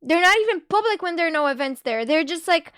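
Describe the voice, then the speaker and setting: A woman streamer chatting casually on a live stream, giggly and quick with asides, leaning on "like" a lot. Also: very high voice, animated, fairly bright tone, dry recording, clean studio sound.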